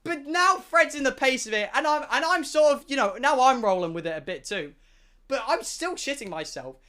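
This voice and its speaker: A young British man on a livestream, telling a story in an excitable, self-mocking way, with plenty of swearing. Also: very high-pitched, moderate pace. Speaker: streamer. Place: home streaming room.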